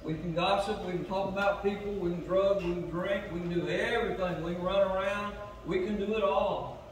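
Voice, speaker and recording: A man preaching a revival sermon as pastor, swinging between loud urging and low asides. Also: fairly even intonation, fairly quick, a little hiss or hum. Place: church sanctuary. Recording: echoey church hall from far off.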